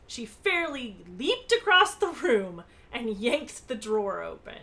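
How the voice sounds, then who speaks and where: A woman's voice: on the high side, very animated, a little slow, few pauses, pushed and bright. A woman co-hosting a comedy podcast, reading passages aloud with playful asides. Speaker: podcast co-host. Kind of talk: comic book recap chat.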